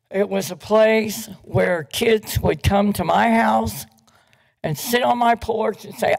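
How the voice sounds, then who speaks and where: An upset woman addresses a city council during public comment, pressing her demands again and again. Her voice is heavily gravelly with fry and she speaks at a slow, deliberate pace. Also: mid-range voice, darkish tone, rough recording. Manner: upset, pleading, repeats demands.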